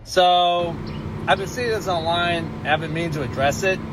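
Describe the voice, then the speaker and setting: A man's voice: high-pitched, steady tone, moderate pace, noisy background. A man giving a blunt, casual ranting monologue with many fillers, as a social media commentator.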